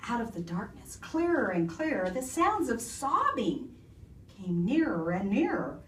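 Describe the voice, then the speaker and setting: Slow, expressive woman teacher in echoey classroom. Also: fairly high pitch, far from the mic. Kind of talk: classroom lesson and read-aloud. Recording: echoey classroom heard from afar.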